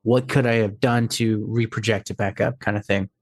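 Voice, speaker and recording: A man's voice: fairly low pitch, fairly even intonation, normal speed, no room sound. A man hosting a casual interview, mostly giving brief affirmations. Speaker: podcast host.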